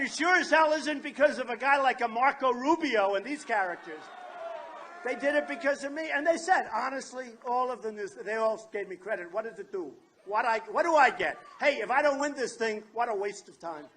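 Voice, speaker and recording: A man delivering a campaign speech at an open-air rally, his voice sitting unusually high for a man. He brags, repeats his lines for punch and breaks into shouts to drive points home. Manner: boastful, repetitive, shouting at times. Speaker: political candidate. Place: outdoor state fair rally.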